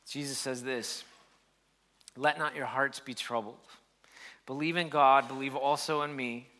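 A man's voice: medium pitch, steady tone, unhurried, bright, forceful tone. A man preaching a sermon, reading scripture and building emphasis as he explains it. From United States. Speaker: pastor.

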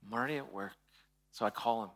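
A pastor in his forties giving a sermon, telling a personal story in a hushed voice and then preaching more loudly. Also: fast. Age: 40s. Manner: soft and hushed while telling a personal story, louder and higher when preaching.

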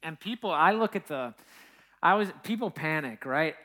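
A man preaching a relaxed, story-driven sermon as a pastor. His voice sits a bit high and rings bright and forward. He talks like he's chatting with the pews and often checks in with the listeners. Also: normal speed. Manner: storytelling, with asides to the congregation. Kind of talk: conversational sermon.

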